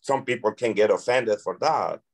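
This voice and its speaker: A man's voice: on the low side, moderate pace. A man from Colombia with a Colombian Spanish accent, a restaurant server answering interview questions earnestly and acting out exchanges with guests.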